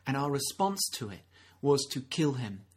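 A medium-pitched man with a slightly rough voice and big pitch swings preaches at normal speed. He's earnest and conversational, repeatedly restarting lines and playing the parts of the people he quotes.

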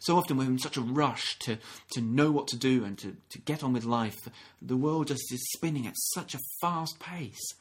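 A man giving a gentle, reflective sermon, often restarting phrases and acting out short quotes. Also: mid-range voice, moderate pace, few pauses, husky. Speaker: minister.

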